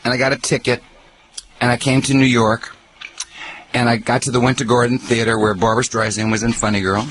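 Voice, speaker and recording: A man's voice: medium pitch, little pitch movement, brisk, a bit bright, a little hiss or hum, low-quality recording. A man as a celebrity guest, bantering theatrically with squealing exclamations, from New Orleans. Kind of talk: playful radio banter. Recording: radio studio broadcast.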